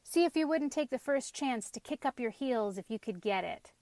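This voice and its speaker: A woman's voice: sits high, animated, normal speed, darkish tone, no room sound. A woman doing a jolly, coaxing storybook pumpkin. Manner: coaxing, hearty. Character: jolly, persuasive male talking pumpkin leader.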